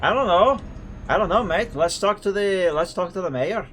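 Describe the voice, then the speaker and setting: A man's voice: high voice, expressive, normal speed, a bit bright, a little hiss or hum, pitched above the performer's own voice. A man voicing a baffled, grumbling male village local with a Scottish accent, exclaiming indignantly. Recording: music playing behind.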